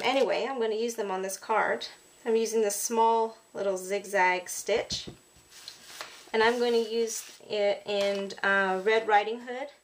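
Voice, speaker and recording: A woman talks through a stamping and card-making demo in a relaxed, chatty way, filling pauses with ums and apologizing as she works. Her voice sits at a middling pitch. A faint background hiss runs under the recording. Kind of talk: casual crafting tutorial narration.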